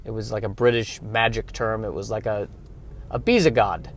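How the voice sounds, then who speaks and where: A man's voice: fairly low pitch, fairly even intonation, moderate pace. A man hosting a casual comedic solo podcast, rambling in a self-deprecating way and often restarting his sentences. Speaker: podcast host.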